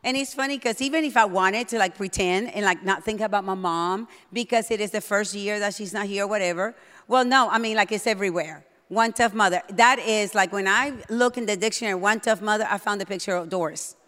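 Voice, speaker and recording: A middle-aged woman preaching a sermon in a church, bold and emphatic, getting loud when excited. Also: medium pitch, brisk. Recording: long hall reverb.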